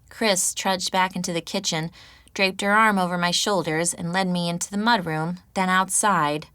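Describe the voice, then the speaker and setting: A woman reads an audiobook in a measured, even way, her voice sitting on the low side. The recording is dry and close, with no room echo at all. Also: clean tone. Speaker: audiobook narrator. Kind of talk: scripted audiobook narration.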